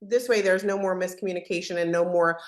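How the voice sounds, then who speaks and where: A woman hosting a live software demo webinar in a casual, joking way, laughing often and acting out what team members say. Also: on the low side, fairly even intonation, fast talker, echoey room.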